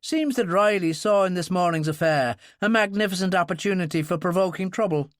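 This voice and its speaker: A man voicing a blunt, jovial older ship's doctor who tells stories with animated relish. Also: sits high, fairly quick, no room sound, studio quality, pitched above the performer's own voice, close to an everyday voice. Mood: wry storytelling. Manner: hearty, animated, fond of telling stories.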